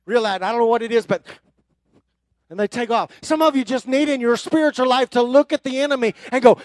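High-voiced man preaching a sermon. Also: fairly quick, dry recording. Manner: emphatic preaching with rising, forceful runs. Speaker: pastor.

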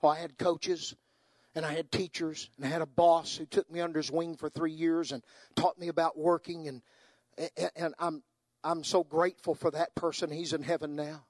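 An older man preaching a sermon, moving from hushed, tender storytelling to soaring, impassioned climaxes. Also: fairly high pitch, level tone, moderate pace, no echo.

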